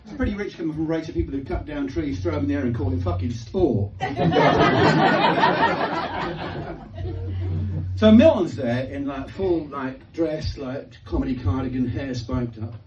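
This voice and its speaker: A man in his fifties doing a live stand-up comedy set, telling animated stories with heavy swearing and bursts of shouted impressions. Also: a little high, measured pace, very noisy. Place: live comedy venue with audience. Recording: roomy, distant, dull live-club sound with loud crowd laughter.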